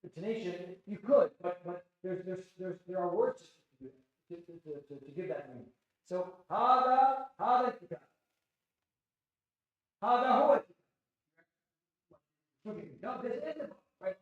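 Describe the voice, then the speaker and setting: A man's voice: high-pitched, muffled recording. A man teaching an Arabic class, quizzing his students and repeating phrases with frequent restarts, recorded in a classroom. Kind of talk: classroom lecture. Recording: echoey classroom.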